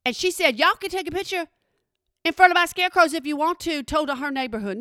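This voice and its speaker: A woman with a drawl delivers a comedic rant, exasperated and emphatic. Her voice sits high and sounds bright and sharp. The recording is dry and close, with no room sound. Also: a little fast, no echo. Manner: exasperated, sassy, emphatic, addresses viewers as y'all. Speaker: vlogger. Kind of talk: comedic ranting monologue.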